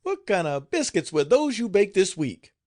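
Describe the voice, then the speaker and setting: A man's voice: high-pitched, big pitch swings, normal speed, a little mellow, dry recording, studio quality, voice pushed up. A man playing a shrieking, furious plantation mistress. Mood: enraged. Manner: screaming, scolding.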